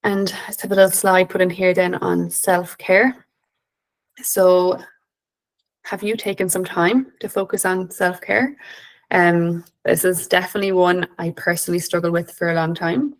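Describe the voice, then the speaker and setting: A woman in her thirties with an Irish accent, giving a gentle, guiding online presentation on emotional wellbeing with some "um"s. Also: on the low side, fairly even intonation, normal speed, poor audio. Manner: gentle, guiding, with filler "um"s and restarts. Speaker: behaviour analyst presenter.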